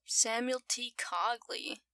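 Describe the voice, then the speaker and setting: A woman's voice: fairly high pitch, slow, sharp tone, no room sound. A woman with an accent giving casual reaction commentary to a TV episode, playfully giggling and talking back to the screen. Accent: non-standard English accent. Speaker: video reactor.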